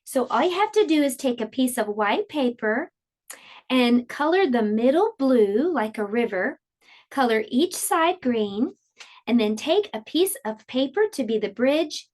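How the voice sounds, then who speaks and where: Teaching preschoolers online, a woman explains a science activity and reads a storybook aloud in a slow, sing-song way suited to small children. Her voice sits high and is animated, with a somewhat dark tone.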